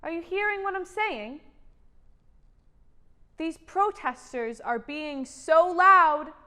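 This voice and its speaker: A woman's voice: medium pitch, unhurried, close to an everyday voice. A young student actress playing a chattering, anxious housewife of the 1910s who pleads with her husband, stammering often. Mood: fretful. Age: young adult. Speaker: student actor. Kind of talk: stage monologue.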